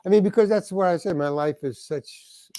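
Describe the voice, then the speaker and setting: A man's voice: sits high, moderate pace, warm tone, dry recording. An older man from New York, a guest actor telling stories in a rambling way, full of restarts and acted-out lines from other people. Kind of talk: casual interview storytelling.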